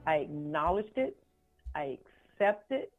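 A woman, an author and life coach, telling a personal story in a podcast interview, slow and earnest, repeating phrases for weight. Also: low voice, very animated. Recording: phone-like line with faint music.

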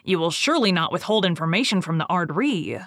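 A woman's voice: fairly low pitch, animated, brisk, fairly bright tone, no room sound, studio quality. A woman reading the earnest, pleading lines of a young man who is the king's ward in a storybook. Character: earnest young male royal ward, easily shocked.

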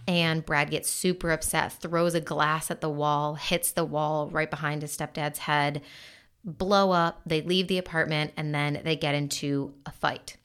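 A woman's voice: low-pitched, fairly even intonation, measured pace, fairly bright tone, clean tone. A woman commenting casually on relationships, chatty, with lots of "like" and "you know".

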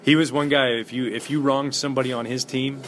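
A middle-aged man, a former ballplayer, telling stories in a relaxed interview with lots of fillers and restarts. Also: medium pitch, fairly quick, slight background noise. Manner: animated anecdotes with many fillers and restarts. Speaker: former baseball player, guest.

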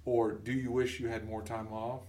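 Speaking at an ordinary pace with a medium pitch, a man in his thirties shares a comic anecdote on the podcast he co-hosts, lively and acting out everyone's voices. A distant mic captures him in a reverberant room.

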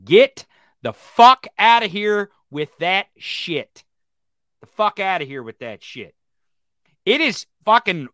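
A man's voice: a little high, sharp tone, dry recording, clean studio sound. A man giving an angry, profane reaction commentary on a news clip. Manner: angry, ranting, heavy swearing. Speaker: political commentary streamer.

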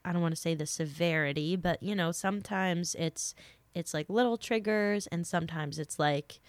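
Young woman podcast host, low voice, dry close sound, chatty, earnest, slightly sick. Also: moderate pace, no echo. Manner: chatty, earnest, many fillers. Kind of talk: casual advice talk.

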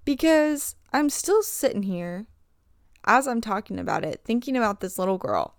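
A woman's voice: a little high, animated, normal speed, clear, resonant tone, no room sound, studio quality. A young woman hosting a casual podcast monologue as a swim coach, chatty and full of "like" fillers.

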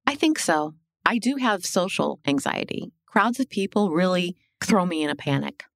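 A middle-aged woman telling her life story as a podcast guest, animated and blunt, swearing and acting out what people said. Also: lowish voice, moderate pace, gravelly. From Illinois. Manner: animated, swearing, acts out quoted dialogue. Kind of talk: casual storytelling interview.

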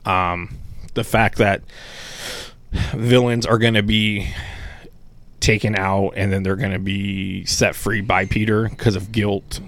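Gravelly low-voiced man rambling. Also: slow, long pauses. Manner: rambling, animated, swears casually. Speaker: podcast co-host. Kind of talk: casual podcast chat.

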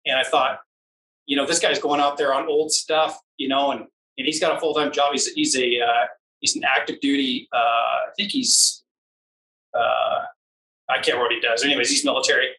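Man, casual rambling storyteller, bright forceful tone, roomy echo, a bit off-mic. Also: medium pitch, steady tone, moderate pace, recorded from a distance. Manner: rambling, searches for words, acts out quoted dialogue. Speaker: off-road racer.

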